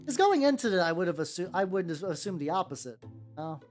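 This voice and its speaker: A woman's voice: fairly low pitch, very animated, fast, darkish tone. A woman in her thirties chatting casually as she paints miniatures, rambling through ideas with constant "like" fillers. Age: 30s. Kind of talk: casual chat while painting. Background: faint background music.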